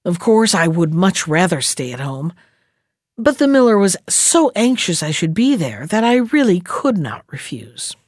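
A woman's voice: fairly low pitch, big pitch swings, a little slow, dry recording, studio quality. A woman doing a proud, careless bear. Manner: careless, then hushed and worried. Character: proud touchy bear, grown male.

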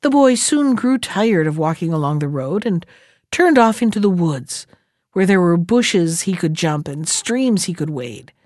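Lively woman reading a folktale. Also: lowish voice, measured pace, dry recording, clean studio sound. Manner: lively, expressive storytelling. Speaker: librarian and storyteller. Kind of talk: storybook read-aloud narration.

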